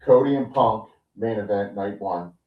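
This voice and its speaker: A man co-hosting a podcast who recaps a show in casual, animated chat full of "like" and "you know". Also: fairly low pitch, unhurried, far from the mic. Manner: animated storytelling with many fillers. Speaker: podcast co-host. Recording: dull, roomy sound from off-mic.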